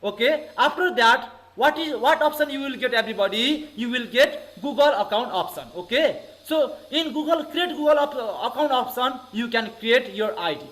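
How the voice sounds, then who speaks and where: A man's voice: very high voice, animated, moderate pace, few pauses, fairly bright tone, low-quality recording. A male English teacher with a Nepali accent, giving an online lesson and calling on the class over and over. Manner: repetitive, keeps calling on the class with okay and everybody.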